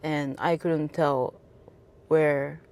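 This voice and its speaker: Slow, low-voiced woman from Japan. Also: steady tone, a little mellow. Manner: halting, many restarts and fillers. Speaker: cab driver. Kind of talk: casual storytelling to camera.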